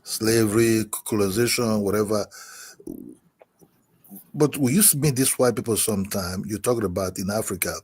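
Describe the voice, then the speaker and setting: A man's voice: lowish voice, normal speed, long pauses, a little mellow, slightly rough. A man from Nigeria, a guest in a heated casual debate, insistent and repeating himself. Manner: insistent, repeats himself, keeps asking "you understand me?".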